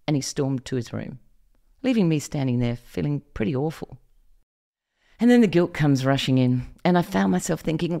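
A woman's voice: extremely low pitch, animated, moderate pace, creaky, warm tone. A middle-aged woman from Australia hosting a parenting podcast, delivering a scripted monologue expressively and asking the listener direct questions. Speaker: podcast host.

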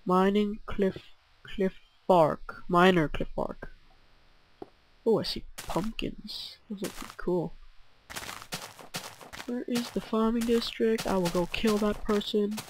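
A man's voice: high-pitched, steady tone, takes it slowly, pauses often, rough recording. A teenage boy with bronchitis, commenting casually as he plays a game, mumbling as he reads signs aloud and yelping now and then. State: has bronchitis. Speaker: gaming channel host.

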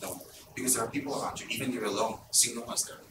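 A man giving an informal Buddhist teaching, telling stories in an animated, blunt and teasing way. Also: mid-range voice, racing. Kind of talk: informal dharma talk. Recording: roomy, distant mic, background noise.

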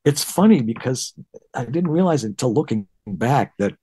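A middle-aged man from Detroit, a bassist guest in a casual interview, telling stories and acting out past dialogue. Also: normal speed, husky. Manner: animated, acts out past dialogue in higher voice.

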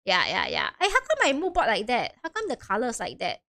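A young woman streaming a game at home, chatty and quick to laugh between lines. Her voice is high and very lively, sliding up and down a wide range as she chats. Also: creaky. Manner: chatty, laughs readily, makes asides to chat. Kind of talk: live game stream, reading all the roles aloud.

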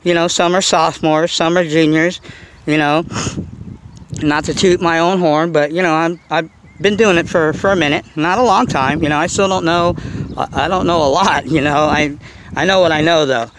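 A man's voice: fairly high pitch, steady tone, normal speed, a bit bright, slight background noise, rough recording. Rambling man in a casual RC vlog. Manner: rambling, repeats himself, fillers like you know. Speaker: RC car vlogger.

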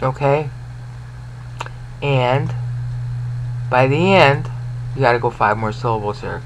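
A man giving an informal Bible lesson, explaining and pausing to ask the listener questions. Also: medium pitch, slight background noise, rough recording. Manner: explanatory, repeats and restarts words, asks listener questions. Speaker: Bible teacher.

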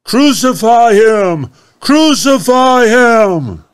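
A man voicing an angry crowd of accusers, shouting high and strained in a dry, close recording. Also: expressive, very slow, clear, resonant tone, exaggerated voice. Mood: furious.

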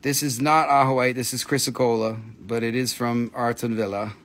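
A man's voice: mid-range voice, little pitch movement, normal speed, fairly bright tone. A man hosting a live gemstone sale stream, calling out prices in blunt, casual patter and swearing freely.

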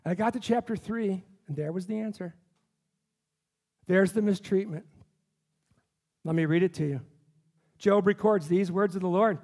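Preaching passionately in a church sanctuary, a male pastor speaks in a notably high yet darkish voice at a moderate pace, pausing often. He keeps questioning the congregation and pushing his argument.

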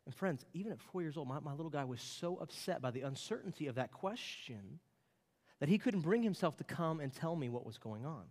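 A man in his late thirties preaching a sermon, telling a family story with an animated, storytelling manner. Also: a little high, brisk. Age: late 30s. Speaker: pastor. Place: church sanctuary. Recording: long reverb of a church hall.

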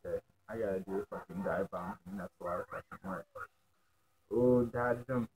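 A young man talks over his own gameplay with a somewhat low voice. He swears constantly, cracks self-mocking jokes and gets easily frustrated with the game. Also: normal speed, rough recording. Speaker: let's play gamer. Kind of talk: casual gameplay commentary.

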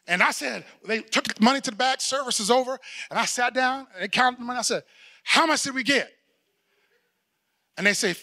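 A middle-aged man preaching a sermon as pastor, telling a story, acting out the people in it and shouting for emphasis. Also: very high voice, a little fast, vocal fry.

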